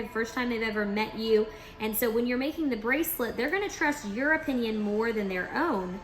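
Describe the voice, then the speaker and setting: A woman's voice: fairly high pitch, fairly bright tone. A woman training store staff, demonstrating step by step in an upbeat, instructive way and often checking in with her listeners.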